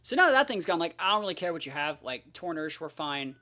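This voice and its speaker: Man, game caster type, hyped slangy play-by-play, lively swinging pitch. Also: fast. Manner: hyped, slangy trash talk. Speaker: competitive game player. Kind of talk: live gameplay commentary.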